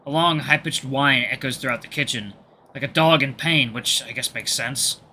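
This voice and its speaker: A man hosting a gaming video, reading a visual novel aloud with relaxed, chatty asides. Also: medium pitch, moderate pace, slight background noise.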